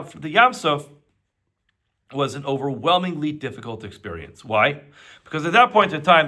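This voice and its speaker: Bright-voiced rabbi giving a Torah lesson. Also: male voice, on the high side. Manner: animated teacher, asks and answers his own questions. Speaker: rabbi teaching Torah class.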